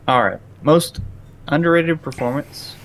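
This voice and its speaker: A man co-hosting a movie podcast, briskly running through the list of categories. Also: a little high. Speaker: podcast co-host. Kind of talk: casual film discussion.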